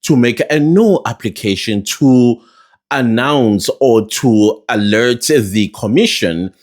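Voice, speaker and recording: A South African man giving casual commentary to his viewers, animated and laughing often, with big swings in his voice. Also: medium pitch, takes it slowly. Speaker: news commentator.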